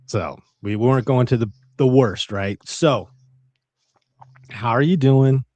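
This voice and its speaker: A man's voice: medium pitch, slow, darkish tone, no echo. A man hosting a casual live stream, chatting and retelling a story with acted-out quotes. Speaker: livestream host.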